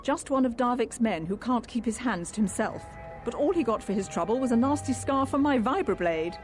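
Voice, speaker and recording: An actress plays a wary young woman in hiding, with a British accent and a guarded, clipped delivery. Her pitch rises and falls in a lively way. It sounds like video game dialogue. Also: brisk, faint music behind, lightly acted.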